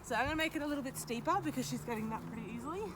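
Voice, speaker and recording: In a high-pitched, racing voice, a dog trainer chats through teaching a trick, interrupting herself to praise her dogs and cue them with beeps. Outdoor noise fills the recording.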